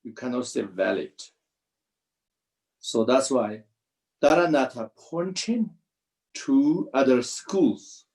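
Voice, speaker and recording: Slow-speaking man teaching. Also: medium pitch, animated, darkish tone, low-quality recording. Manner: slow, halting non-native English with restarts. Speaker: Buddhist teacher. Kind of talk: dharma teaching commentary. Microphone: video call.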